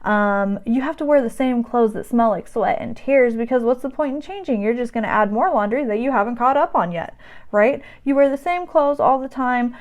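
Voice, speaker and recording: A woman's voice: fairly high pitch, lively intonation, normal speed. A woman in her thirties talking straight to camera about motherhood and self-care, emphatic and direct, often checking in with "right?" and "okay?". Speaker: vlogger and mother giving self-care advice. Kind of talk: direct-to-camera advice talk.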